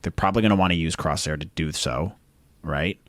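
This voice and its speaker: A man's voice: rumbling low, a little fast, no echo. A man co-hosting a podcast, chatting casually, rambling and checking in with "right?". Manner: rambling, self-correcting, with tag questions. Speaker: podcast co-host. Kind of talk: casual chat.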